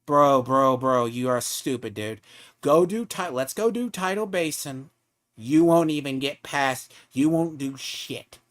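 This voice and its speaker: A man's voice: on the high side, lively intonation, a little slow. Profane taunting man streaming a game. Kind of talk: heated live-stream rant at a player.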